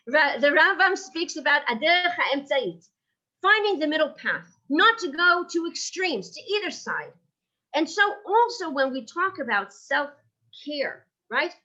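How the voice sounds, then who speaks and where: Lively, bright-voiced woman teaching a class. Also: sits high, a little slow, highs cut off. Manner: engaging, asks rhetorical questions with frequent "right?"; mixes Hebrew terms into English. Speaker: teacher of a Jewish ethics class. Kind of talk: lively lecture.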